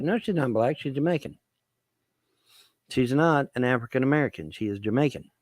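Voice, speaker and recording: Swearing man with a lively, swinging voice. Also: mid-range voice, brisk, dry recording. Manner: swearing, repetitive, rhetorical questions. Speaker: vlogger. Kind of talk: rambling political rant to camera.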